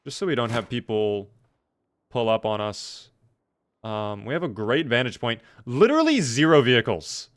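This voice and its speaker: Guy streaming a game live, joking around and chatting with chat, mid pitch. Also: big pitch swings, moderate pace. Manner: playful, chatty, talks to chat and thanks viewers. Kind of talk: live gameplay commentary.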